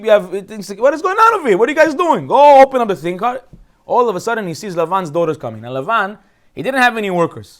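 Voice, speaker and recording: A quick-talking man with a slightly raised pitch, telling a Torah story in a loose, joking way. He is a rabbi who grew up speaking Hebrew, and he laughs along with his own jokes as he tells it. His delivery is animated and casual, with nothing of a formal sermon in it. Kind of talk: casual humorous Torah talk.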